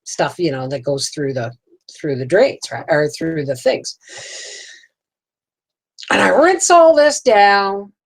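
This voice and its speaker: A woman's voice: low voice, animated, takes it slowly, pauses often, low-quality recording. A woman vlogging from her homestead, telling a rambling, emotional story in a folksy, chatty way. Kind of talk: casual storytelling to camera.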